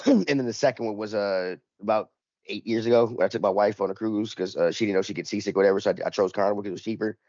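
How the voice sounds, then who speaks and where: A man's voice: fairly low pitch, fast talker, a little mellow, no echo. A man on a podcast telling a rambling, profane story, full of restarts, acting out both sides of the argument. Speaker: podcast co-host. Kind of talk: casual storytelling chat. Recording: dull lo-fi dry recording.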